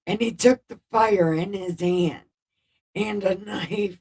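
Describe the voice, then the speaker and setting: A woman's voice: medium pitch, takes it slowly, creaky, darkish tone, slightly rough. A woman casually retelling a Bible story with irreverent, swearing commentary. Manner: irreverent, swears, loose paraphrase. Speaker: Bible-reading video host. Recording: voice a bit distant from the mic.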